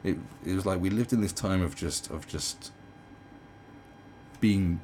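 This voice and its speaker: A man's voice: low voice, measured pace, darkish tone, a little hiss or hum. A man in his twenties or thirties ranting about politicians in a casual, sarcastic, profane monologue, slipping into mocking impressions. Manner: sarcastic, mocking, profane, does mocking quoted voices. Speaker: commentary channel host. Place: indoors at home.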